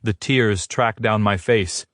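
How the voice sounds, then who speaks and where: Male audiobook narrator, lowish voice, unhurried and steady. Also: dry recording, clean studio sound. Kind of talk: scripted narration.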